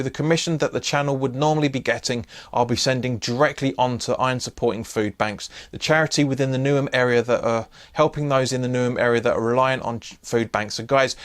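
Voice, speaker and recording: A man hosting a casual football preview vlog, chatty and loose, often restarting his sentences. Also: mid-range voice. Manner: chatty, frequent restarts and fillers. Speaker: host.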